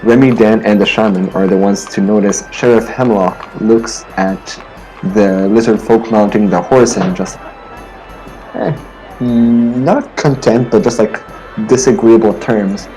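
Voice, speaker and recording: A man narrating as game master of a tabletop game, relaxed with frequent fillers. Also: lowish voice, measured pace, soft background music, poor audio.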